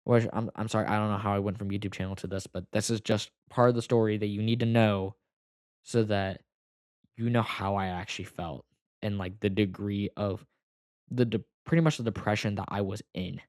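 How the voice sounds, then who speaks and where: A young man telling a personal story to the camera, halting and full of fillers, close to tears at times. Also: lowish voice, steady tone, a little mellow, no echo. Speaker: vlogger.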